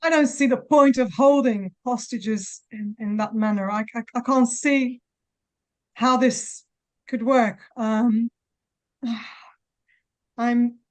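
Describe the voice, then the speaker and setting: A woman in her forties giving halting, emotional testimony at a press conference, holding back tears. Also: on the high side, a little mellow. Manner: halting, with many restarts.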